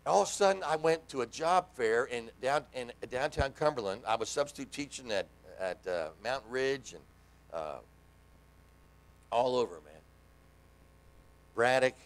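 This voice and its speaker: A man's voice: medium pitch, expressive, moderate pace, long pauses. A middle-aged man preaching a sermon in a church, telling his own story and acting out the voices of the people he quotes. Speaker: pastor and hospital chaplain. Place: church sanctuary.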